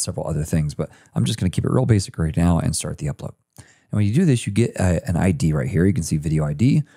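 A man's voice: low-pitched, mellow. A man hosting a screen-share coding tutorial, talking casually through each step.

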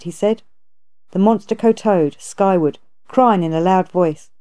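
A woman narrating a classic novel aloud in a measured, even way. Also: medium pitch. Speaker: audiobook narrator. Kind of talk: storybook narration.

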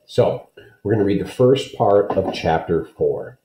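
A man's voice: sits low, expressive, a little slow, mellow, roomy sound, a little hiss or hum, low-quality recording. A man, a teacher, reading a children's novel aloud to students, friendly and checking in with listeners.

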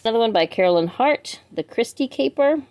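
Fairly high-pitched and darkish in tone, her voice is expressive and a bit quick. She's a book vlogger doing a casual unboxing, reading titles out loud, tossing asides to her audience, and asking for pronunciation help.

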